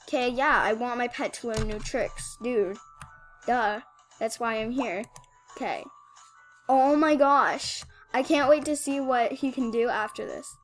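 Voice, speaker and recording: A woman giving casual commentary over gameplay, rambling and excitable, with lots of "like" and "um". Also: sits high. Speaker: gaming video host.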